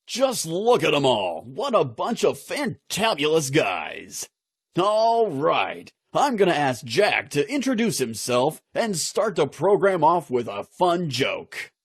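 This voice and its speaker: A man hosting a comedy show, introducing his guests in a showy, playful way with a slightly husky voice. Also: a little high, sing-song, slow pace, dry recording, clean studio sound. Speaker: show host.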